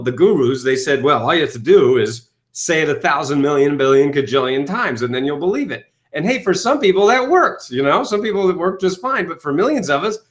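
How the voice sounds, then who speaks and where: A man, a self-help author, telling his story in an interview with lively acted-out quotes. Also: fairly high pitch. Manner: enthusiastic, quotes himself and audiences in lively asides.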